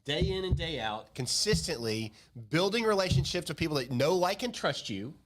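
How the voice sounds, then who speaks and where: A man co-hosting a casual live business talk show, relaxed and joking. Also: a little high, moderate pace. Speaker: co-host.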